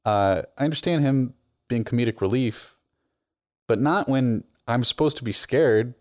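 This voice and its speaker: A man co-hosting a casual movie review chat, giving opinionated, animated takes. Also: medium pitch, normal speed, no room sound, clean studio sound. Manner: opinionated, animated, frequent restarts. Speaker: movie review podcast co-host.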